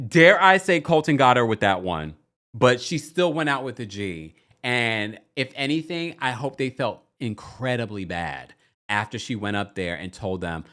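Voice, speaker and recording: A man hosting a podcast, recapping reality shows in a casual, gossipy chat, acting out what people said with big swings in his voice. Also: normal speed. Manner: animated, gossipy, acts out quotes with big pitch swings. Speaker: podcast host.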